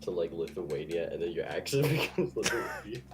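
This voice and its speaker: Low-voiced man with lively pitch. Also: moderate pace. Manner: teasing, playful. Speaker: co-host friend on stream. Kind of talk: casual chat on a game stream.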